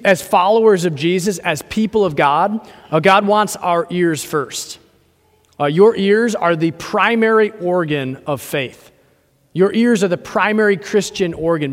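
High-voiced pastor preaching in a reverberant church. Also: male voice. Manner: earnest, repetitive preaching with fillers and restarts. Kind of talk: sermon.

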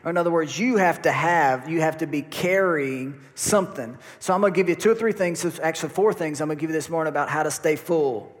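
A man preaches to his congregation, his voice sitting a touch high for a man. He keeps asking the listeners questions. A long reverb hangs behind him, as in a church hall. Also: fairly quick, hardly any pauses. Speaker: pastor. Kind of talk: sermon. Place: church sanctuary.

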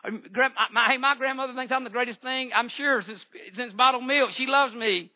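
A man's voice: extremely high pitch, normal speed, pushed and bright, muffled recording. A man, giving a fervent church testimony with repeated phrases and stammering restarts. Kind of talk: impassioned testimony sermon.

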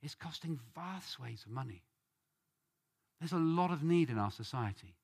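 A man's voice: fairly high pitch, lively intonation, moderate pace, gravelly, darkish tone, husky. A man from Britain giving an earnest sermon-style Bible teaching and leading a study group. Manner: earnest, rising on questions and names.

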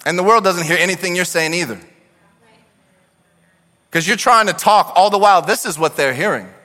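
A man preaching a sermon as pastor, animated, swinging from shouts to quiet asides. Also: high-pitched, moderate pace. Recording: long hall reverb.

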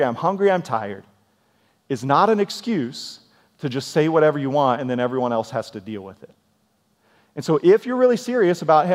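A man in his forties, a pastor giving a conversational sermon, earnest and practical, often restarting with repeated words. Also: a little high. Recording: long hall reverb.

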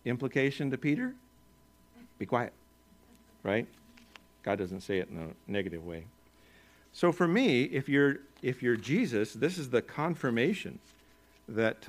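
An American man preaches to his congregation in an easygoing, conversational tone. His pitch sits in the middle male range, and he slips in wry asides and small chuckles as he talks. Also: very animated, a little slow, long pauses. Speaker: pastor. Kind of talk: sermon.

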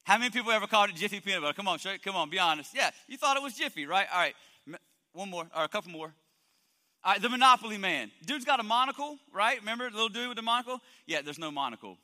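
A male pastor preaching a lively sermon, joking and quizzing his congregation in a church hall. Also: high-pitched, rapid-fire. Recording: long hall reverb.

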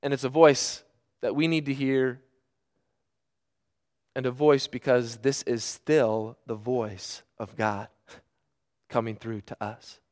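A middle-aged man preaching a sermon, earnest, moving between hushed, drawn-out phrases and emphatic bursts. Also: medium pitch, fairly even intonation.

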